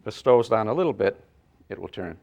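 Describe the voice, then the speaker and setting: An older man teaching a physics class, lively and playful, with sound effects and acted asides. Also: lowish voice, fairly quick, gravelly, muffled recording. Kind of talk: classroom lecture at a whiteboard.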